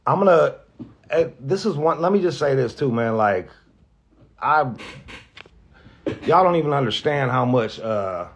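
A man's voice: medium pitch, lively intonation, measured pace, pauses often, a little hiss or hum. A man, a radio host, talks casually and rambles with lots of profanity, often restarting his sentences and getting emotional. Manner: emotional, near tears at times. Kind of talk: casual spoken farewell message.

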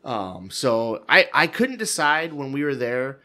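A man's voice: mid-range voice, very animated, measured pace, sharp tone. A man co-hosting a podcast, telling a story in casual chat, with rambling restarts and chuckles. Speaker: podcast co-host.

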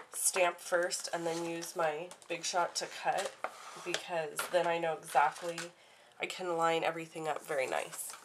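A woman's voice: on the low side, background noise. A woman demonstrating card making in a casual craft tutorial, sounding stuffy and a little out of breath from the flu, chatty with frequent ums.

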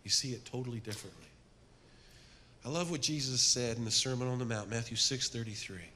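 A middle-aged man preaching a sermon to a men's group, telling stories with energy and then dropping to a soft, earnest appeal. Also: medium pitch, brisk, a little hiss or hum. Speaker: men's ministry speaker.

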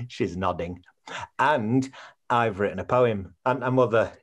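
A blunt, earnest son in a comedy series, chatting over a video call and checking everything with his mother. His voice sits fairly low. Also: measured pace. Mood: earnest, chatty. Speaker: bereaved son planning a funeral.

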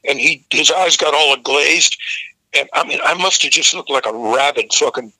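Older man, rock singer, very bright tense tone, dry close sound, profane animated storyteller. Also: a little high, normal speed, no echo, low-quality recording. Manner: profane, animated anecdote-telling with restarts. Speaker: rock singer, interview guest. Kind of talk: casual interview storytelling.

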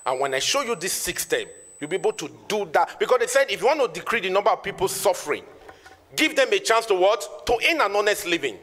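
Nigerian man, high bright voice, emphatic motivational speaker, long hall reverb. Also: very animated, fast talker. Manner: preachy, emphatic, repeats lines for effect. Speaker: network marketing trainer. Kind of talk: motivational speech to an audience.

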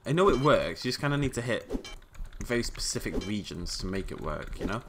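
A man giving casual, jokey commentary over a survival game, prone to sudden startled yelling. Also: lowish voice, big pitch swings, normal speed, background noise. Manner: chatty, jokey, yells when startled. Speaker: gaming YouTuber.

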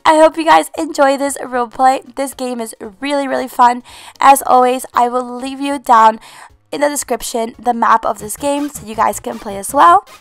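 A woman hosting a game roleplay video, commentating in an animated, exclaiming way and talking motherly to her in-game baby. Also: sits high, normal speed, no echo. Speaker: channel host.

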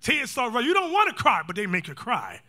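A man teaching a scripture class in a lively, joking sermon style, acting out quotes. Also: very high voice, quick pace. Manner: animated, joking, acts out quotes, calls for readings.

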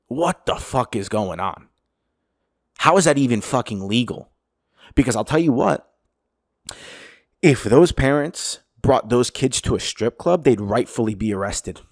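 A man's voice: mid-range voice, lively intonation, measured pace, long pauses, no room sound, studio quality. Angry, swearing man ranting on a podcast. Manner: heated, profane, emphatic repetition. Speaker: podcast host. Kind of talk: angry solo rant.

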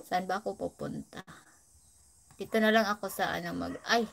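A woman's voice: mid-range voice, fairly quick, creaky, slight background noise. A woman from the Philippines with a Filipino accent, hosting a casual live stream. She chats, laughs often, mixes in Filipino phrases, and reads out viewer comments. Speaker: livestream host.

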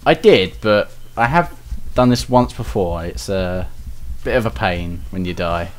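A man's voice: deep voice, measured pace. A man giving casual, hesitant gameplay commentary at his computer, often trailing off with ums. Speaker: let's play co-host.

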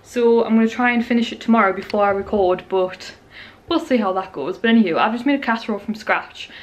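A woman's voice: mid-range voice, fast talker. A young woman, talking casually to her camera at home in a rambling, chatty way. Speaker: vlogger. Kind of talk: casual home vlog chat. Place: at home, indoors.

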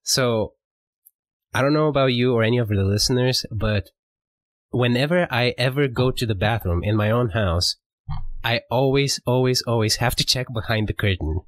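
A man co-hosting a podcast in casual chat, relaxed and rambling, laughing often. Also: medium pitch, normal speed, dry recording. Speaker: podcast co-host.

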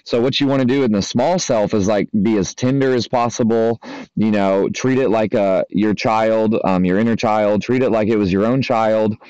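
Man, coach type, loose casual monologue, lowish voice, dry dull lo-fi sound. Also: darkish tone, smooth, dry recording. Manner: loose and conversational, heavy fillers and swearing. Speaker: spiritual coach. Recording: dry, slightly dull lo-fi audio.

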